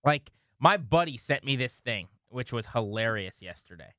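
A man in his thirties co-hosting a casual sports talk show, telling animated stories. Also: medium pitch, normal speed, no room sound, studio quality. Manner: animated storyteller, slips into funny voices. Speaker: podcast co-host.

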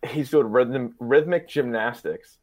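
A young man, a podcast host, chatting casually and excitedly retelling comedy movie scenes, acting out lines and laughing often. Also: mid-range voice, unhurried, a crowd in the background. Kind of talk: casual chat.

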